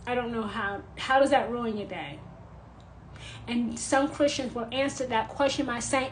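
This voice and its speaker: A woman's voice: fairly high pitch, steady tone, normal speed, rough recording. Give me a blunt woman vlogger who repeats herself for emphasis, with faint noise behind. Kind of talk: unscripted monologue rant.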